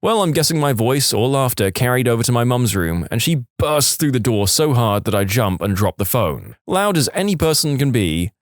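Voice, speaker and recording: A man reads submitted stories aloud in brisk, matter-of-fact scripted narration. His mid-pitched voice moves a lot in pitch. It is recorded close on a studio mic in a dry space. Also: sing-song, no echo. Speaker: story narrator.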